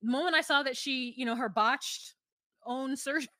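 A woman's voice: high voice, normal speed, sharp tone, dry recording, clean studio sound. A woman co-hosting a casual recap podcast, blunt and profane, mocking the people she talks about and acting out rants. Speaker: podcast co-host.

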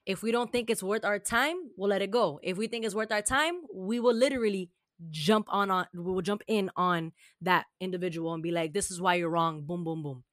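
A woman co-hosting a casual podcast chat, blunt and profane, telling animated stories. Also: medium pitch, brisk, no echo, clean studio sound. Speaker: co-host.

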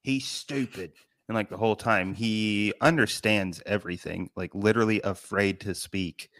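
A man's voice: lowish voice, steady tone, normal speed, fairly bright tone, no room sound, clean studio sound. A man co-hosting a podcast, talking about a film in casual chat, hesitant and trailing off with fillers. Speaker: podcast co-host. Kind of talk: casual movie review chat.

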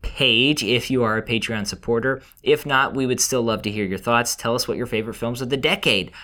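A man's voice: mid-range voice, pushed and bright. A man co-hosting a film podcast, chatty and upbeat, reading listener plugs. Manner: upbeat, chatty, quick to laugh. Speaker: podcast co-host. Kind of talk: casual film discussion.

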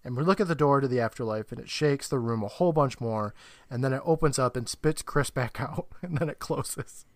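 A man's voice: medium pitch, brisk, no echo. Man casually recapping a TV episode. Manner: animated retelling, acts out lines with laughs. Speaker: podcast co-host.

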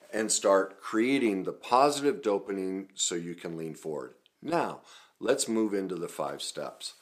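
A middle-aged man, a self-help coach, talking earnestly and emphatically in a video, sharing his own story. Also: deep voice.

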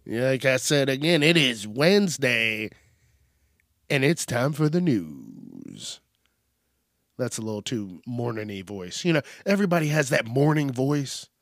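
A man's voice: mid-range voice, very animated, unhurried, a bit bright, dry recording, studio quality. A man hosting a casual comedic news podcast, rambling and profane, poking fun at himself. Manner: rambling, profane, self-mocking. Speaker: podcast host.

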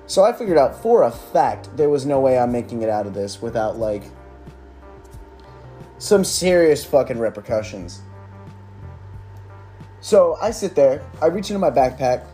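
A young podcast host with a dark-toned, mid-range voice tells a story from his school days. He's casual, sarcastic, and profane, with lots of filler words.

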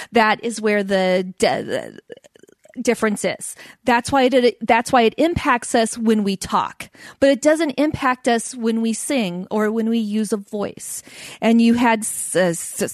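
A woman gives a playful, comedic stand-up style talk to a live audience, laughing often and stuttering with repeated sounds and blocks. Her voice is medium-pitched, recorded at studio quality with no echo.

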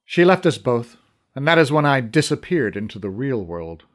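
A man's voice: big pitch swings, close to an everyday voice. A man voicing a brooding old archer. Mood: wistful. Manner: slow, low and halting. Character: old troubled male archer, gruff and brooding.

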